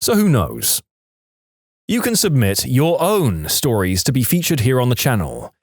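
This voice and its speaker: A man's voice: medium pitch, huge pitch swings, unhurried, no room sound, studio quality. A man narrating reader-submitted stories in a dramatic storytelling manner, with wry asides. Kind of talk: scripted narration of reddit stories.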